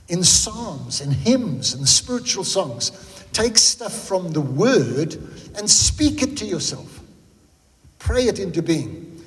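A South African pastor with a high-pitched, slightly bright voice preaches in a large hall. He's chatty and joking, humorous and conversational, and keeps drifting off on tangents.

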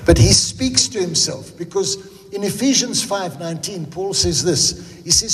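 A man's voice: high voice, normal speed, a bit bright, long reverb tail. A South African man preaching a sermon in a chatty, joking manner, drifting into tangents. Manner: humorous, conversational, goes off on tangents. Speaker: pastor.

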